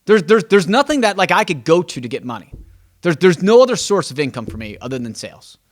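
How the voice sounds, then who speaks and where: Quick-paced and very animated, a high-voiced man hosts a podcast as a real estate agent. He rambles casually and emphatically, stumbling and repeating words while thinking aloud, and he reenacts quoted exchanges with his clients.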